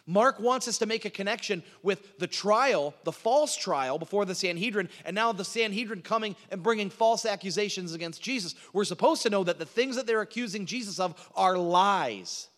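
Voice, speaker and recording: High-voiced preacher in a reverberant hall. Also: male voice, lively intonation, moderate pace, hardly any pauses, fairly bright tone. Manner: emphatic repetition, frequent stuttered restarts. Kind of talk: expository sermon.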